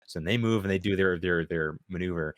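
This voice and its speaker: A man co-hosting a casual podcast, retelling a TV episode with halting restarts and quick character voices. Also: low-pitched, dry recording, clean studio sound. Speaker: podcast co-host. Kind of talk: casual chat recapping a TV episode.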